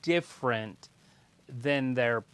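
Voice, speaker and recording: A man's voice: medium pitch, takes it slowly, fairly bright tone, smooth, no room sound. A man co-hosting a casual wrestling watch-along live stream, explaining things in a rambling, matter-of-fact way.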